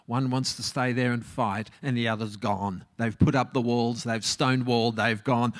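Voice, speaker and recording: A man's voice: mid-range voice, steady tone, moderate pace, hardly any pauses. Middle-aged guy, marriage counsellor, chatting away to a crowd, keeps asking them stuff. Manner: conversational, asks the audience questions. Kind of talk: relaxed talk to a live audience.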